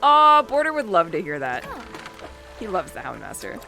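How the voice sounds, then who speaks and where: Loud, swearing young woman streamer. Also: fairly low pitch, huge pitch swings, normal speed, creaky, faint music behind. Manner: loud, profane, laughing banter. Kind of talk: casual game livestream chat.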